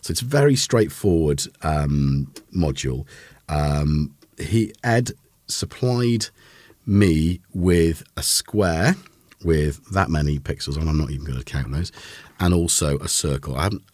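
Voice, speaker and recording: Man, deep voice, slow and meandering live-demo host, rambling and self-correcting, animated intonation. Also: no echo, clean studio sound. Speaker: host of a synth livestream. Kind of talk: casual live demo chat.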